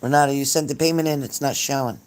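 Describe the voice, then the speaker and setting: A man's voice: mid-range voice, fast, slight background noise. A man hosting a live-stream psychic reading, reassuring and folksy, repeating phrases and calling viewers honey. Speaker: psychic reader.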